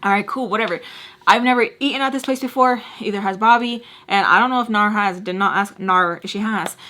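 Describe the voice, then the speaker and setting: A woman with a bright, forceful voice tells a story to her viewers. She rants in a chatty, animated way, drops "like" all through her sentences, and switches into the voices of the people she quotes. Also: medium pitch, fairly quick. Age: adult with a son and husband. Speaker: beauty vlogger. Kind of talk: casual storytime rant.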